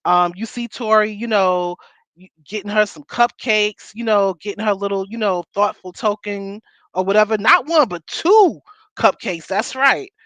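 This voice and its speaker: A woman's voice: medium pitch, moderate pace, a bit bright, no echo. A woman co-hosting a podcast, chatting casually and animatedly about a reality show, repeating points for emphasis. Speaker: podcast co-host.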